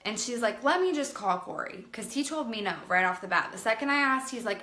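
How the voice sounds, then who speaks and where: Chatty bright-voiced woman in her late 20s. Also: on the high side, a little fast, few pauses. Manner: chatty, animated, lots of "like". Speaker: vlogger. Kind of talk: casual storytelling to camera. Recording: roomy echo.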